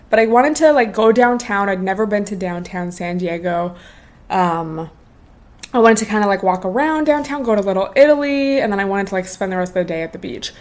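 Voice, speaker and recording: A woman in her twenties hosting a podcast, telling a casual storytime with lots of slang and swearing. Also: mid-range voice. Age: 20s. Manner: slangy, animated, swears freely. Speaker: podcast host.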